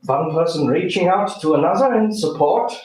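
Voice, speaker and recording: A man's voice: a little high, animated, moderate pace, a little mellow, roomy sound, natural voice, rough recording. An actor playing a courteous German man with a German accent, chatting up a woman. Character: smooth German man flirting in a bar.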